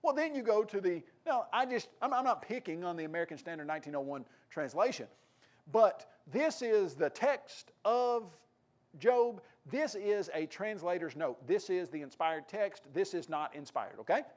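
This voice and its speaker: A man with a Tennessee accent preaching a sermon, acting out quoted lines with a raised, animated delivery. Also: sits high, normal speed.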